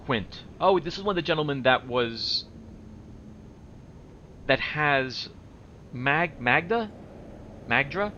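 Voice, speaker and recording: Casting note: bright, clear-toned man at mid pitch, reading game text aloud, somewhat muffled mic with faint hiss. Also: lively intonation. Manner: reads dialogue and narration aloud, with quick asides. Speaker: let's play host. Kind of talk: casual gameplay commentary reading game dialogue aloud. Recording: slightly dull home mic with faint noise.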